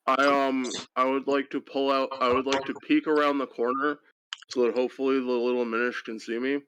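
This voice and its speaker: A man with a deep voice playing a tabletop game who talks in a hesitant, playful way. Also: level tone, fairly quick, a bit bright, rough recording. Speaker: player. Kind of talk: casual tabletop role-play.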